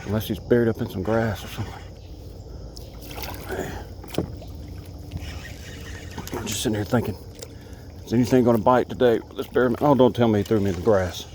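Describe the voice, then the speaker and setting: A man from Alabama, chatting to the camera from a kayak and talking excitedly to the fish he catches. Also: fairly low pitch, moderate pace, long pauses, a little hiss or hum. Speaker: fishing vlogger. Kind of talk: casual talk to camera while fishing. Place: kayak on a creek outdoors.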